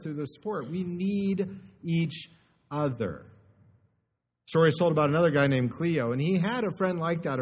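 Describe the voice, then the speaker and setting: A man preaching to his congregation, weaving stories with shifting pace and emphasis. His voice sits at an ordinary male pitch. Long reverb hangs after his words in the church. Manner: storytelling, varied pace and emphasis. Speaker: pastor. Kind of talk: sermon. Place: church sanctuary before a congregation.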